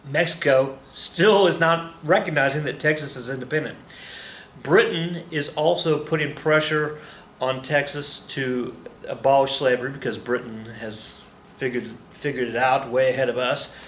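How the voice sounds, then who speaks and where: A man's voice: mid-range voice, normal speed, a bit bright. Male history teacher, casual classroom lecture, joking, self-correcting, roomy echo, faint background hum.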